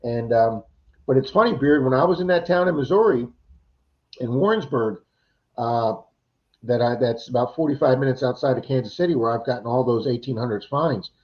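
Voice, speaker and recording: A man's voice: mid-range voice, a little fast. Chatty storytelling man on lo-fi stream. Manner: animated storyteller, acts out quoted voices. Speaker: livestream host. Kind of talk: casual chat. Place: Florida.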